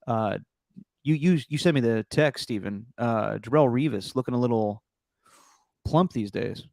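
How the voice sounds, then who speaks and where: Rambling sports podcast host, dry sound. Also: male voice, mid-range voice, normal speed, vocal fry, a little mellow, dry recording. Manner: rambling, restarts with many you-knows. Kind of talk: casual sports chat.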